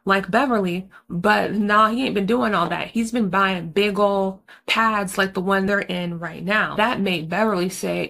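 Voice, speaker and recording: A young woman recaps a horror film in a loose, slangy way, full of asides. Her voice sits at a middle pitch and has a gravelly fry to it. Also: a little slow, few pauses, a bit bright. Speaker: movie reviewer.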